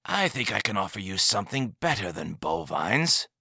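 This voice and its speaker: A man voicing a calm, pleasant old male community leader who speaks softly and drily in a story reading. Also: on the low side, normal speed, creaky, husky, dry recording, studio quality, exaggerated voice. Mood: dry.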